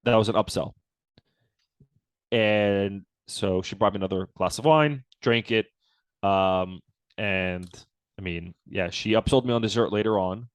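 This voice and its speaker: A man's voice: measured pace, pauses often, clean tone, no echo. A man, a company founder, telling a story from his own life in a casual interview and acting out the quoted dialogue. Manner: relaxed storyteller, acts out quoted dialogue with lively pitch jumps.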